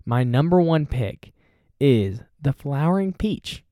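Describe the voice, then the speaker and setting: A young man hosts a loose solo podcast, rambling cheerfully and poking fun at himself. His voice is mellow and unforced, sitting at an ordinary pitch. The recording is dry and close. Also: lively intonation, slow pace, dry recording. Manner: rambling, self-deprecating, chatty. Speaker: podcast host. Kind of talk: casual solo podcast monologue.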